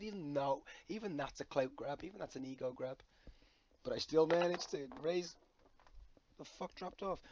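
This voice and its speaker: A man's voice: a little high, a little slow, long pauses, a little mellow, no echo, dull audio. A man talking to camera in a loose, rambling, jokey monologue, swearing freely. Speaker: vlogger.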